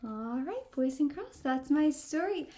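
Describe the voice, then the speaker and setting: A woman's voice: high voice, measured pace. A woman librarian reading a storybook aloud to children and talking to them directly. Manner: animated, addressing kids directly.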